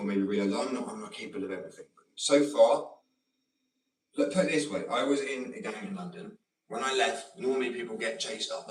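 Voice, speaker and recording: Brief: combative man, low voice, slight Australian twang, rambling swearing rant, roomy distant sound. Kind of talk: ranting monologue to camera.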